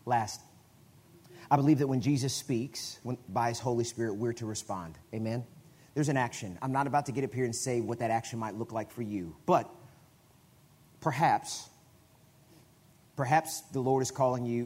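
Guy preaching in church, kinda husky, talks loose and casual then gets loud out of nowhere. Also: mid-range voice, moderate pace. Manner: conversational preaching with repeated restarts and sudden loud bursts. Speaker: guest preacher. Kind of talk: sermon.

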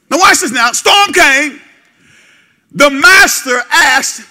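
A man preaching a call-and-response sermon, folksy and direct with the congregation, repeating words and building to shouts. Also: very high voice, very animated, slow pace. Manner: folksy, talks straight to the congregation. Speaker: pastor.

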